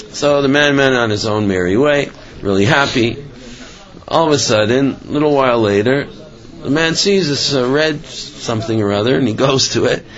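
A man tells stories during a lecture in a conversational, halting way, often pausing with fillers. His voice sits at an ordinary middle pitch. The recording sounds slightly muffled and lo-fi. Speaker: Torah teacher telling stories. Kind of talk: storytelling lecture.

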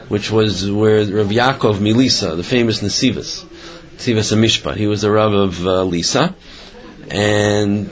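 A man telling stories in a Torah lecture, in a conversational, halting way with many fillers, in a slightly muffled recording. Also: fairly low pitch. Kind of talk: storytelling lecture.

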